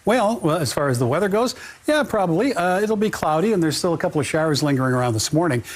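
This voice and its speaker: Fast-talking male TV weatherman. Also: a little high, animated. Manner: casual, chatty, with frequent "uh" fillers. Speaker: weather presenter. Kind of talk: live morning TV weather report.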